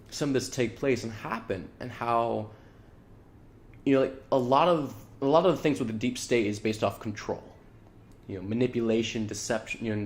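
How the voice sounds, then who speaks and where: Rambling man on a spiritual talk. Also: mid-range voice. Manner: rambling, full of "like" and "you know"; loose, earnest, repeats himself. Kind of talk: casual spiritual talk monologue.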